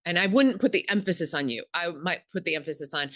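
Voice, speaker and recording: A woman guest talking through workplace advice in a low-leaning voice, animated as she acts out little exchanges. The sound is dry and close, with no room around it. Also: fast talker, no room sound. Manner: animated, acts out example dialogue. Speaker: communication expert guest. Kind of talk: explanatory interview talk.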